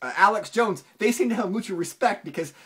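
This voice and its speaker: A finance channel host giving casual video commentary, rambling with many restarts and fillers, and jumping up in pitch for emphasis. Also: a little fast, slightly rough. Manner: animated, pitch jumps up for emphasis.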